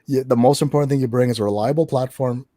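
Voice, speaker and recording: Man, rapid speech, repeats words as he restarts, dry close sound, casual podcast chat. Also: medium pitch, steady tone, dark tone, no echo. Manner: fast, repeats words while restarting sentences. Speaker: guest, marksmanship instructor.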